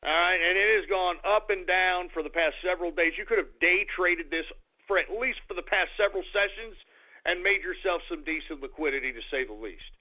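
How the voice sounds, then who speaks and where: A man's voice: sits high, a little fast. A man hosting a radio show, talking bluntly and emphatically about crypto markets, swearing for emphasis. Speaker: radio host. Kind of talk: casual crypto market talk. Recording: tinny phone-like radio sound.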